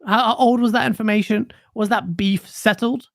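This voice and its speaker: Gravelly voice ranting over a dry mic. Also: medium pitch, normal speed, no room sound. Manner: animated, swears a lot, laughs often. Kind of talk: casual ranting commentary.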